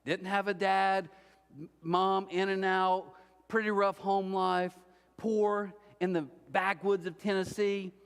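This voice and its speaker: A man preaching a sermon as a pastor, telling a story with lively quoted voices before easing into soft, earnest prayer. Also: high voice, slow pace, clear, resonant tone. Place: church auditorium, indoors. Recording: long hall reverb.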